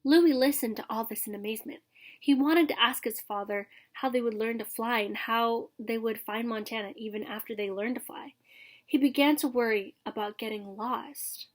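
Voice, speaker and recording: Brief: woman teacher, fairly high voice, gentle steady read-aloud of a chapter book. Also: moderate pace.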